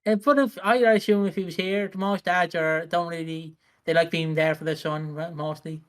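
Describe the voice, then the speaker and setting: A man's voice: fairly high pitch, fairly even intonation, moderate pace, smooth. A man co-hosting a podcast, chatting casually, laughing often and swearing freely. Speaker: podcast co-host.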